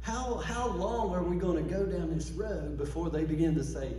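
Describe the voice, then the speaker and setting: A fairly high-voiced man preaching with fervor, calling for responses from the pews. He sounds far from the microphone, and his voice rings around a reverberant church sanctuary. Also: moderate pace, mellow, slight background noise. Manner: fervent call-and-response preaching. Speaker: pastor. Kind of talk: sermon.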